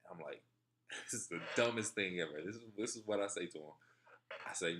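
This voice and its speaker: Deep-voiced young man telling a story. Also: a little fast, noisy background. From Texarkana area, southern US. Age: young adult. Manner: laid-back, rambling, laughs at himself, quotes his own thoughts. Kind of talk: casual personal storytelling.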